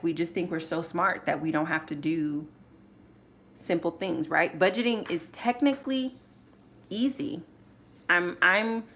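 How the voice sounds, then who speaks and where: A woman chatting candidly on a live stream while she works through her budget, with many restarts and fillers. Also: fairly low pitch. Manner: storytelling, sometimes quietly working through numbers. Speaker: budgeting vlogger.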